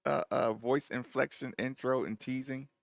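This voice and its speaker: A man hosting a sports radio show, teasing his co-hosts with quick interjections and laughs. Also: mid-range voice, steady tone, vocal fry, no echo. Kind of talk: casual sports radio banter.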